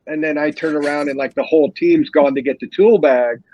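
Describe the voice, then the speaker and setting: A man's voice: a little high, fairly even intonation, a little fast, a little mellow, lo-fi sound. A man chatting casually with an easygoing, laughing manner. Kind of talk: casual chat.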